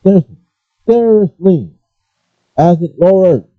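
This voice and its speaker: A man ranting casually about gaming and pausing often to apologize for his language. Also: sits high, no echo. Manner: animated, apologetic asides, restarts. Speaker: gaming commentator. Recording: dull lo-fi, dry.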